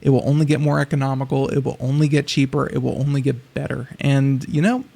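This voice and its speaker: Gravelly man rambling on a tech show. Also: medium pitch, steady tone, quick pace, dark tone. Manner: rambling, lots of you-knows and restarts, joking. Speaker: co-host. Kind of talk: casual tech talk.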